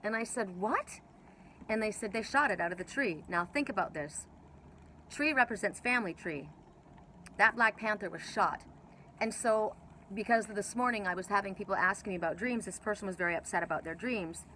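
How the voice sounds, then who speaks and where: A woman with a bright, forward voice tells her viewers about her spiritual messages. She rambles and gets emotional, repeating words and restarting her sentences. A faint hiss runs under the recording. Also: mid-range voice, fairly quick. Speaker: oracle card reader. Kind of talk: spiritual video talk to viewers.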